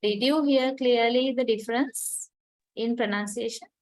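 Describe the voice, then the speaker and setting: A woman who isn't a native English speaker gives a recorded university lecture on English linguistics. Her voice is fairly high and darkish, with a steady tone and moderate pace, and she explains patiently step by step, repeating words to model them.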